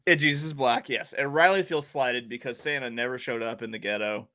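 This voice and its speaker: A man co-hosting a casual podcast chat. He talks excitably, with stammered restarts and emphatic agreement. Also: medium pitch, fairly quick, no room sound, studio quality. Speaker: podcast co-host.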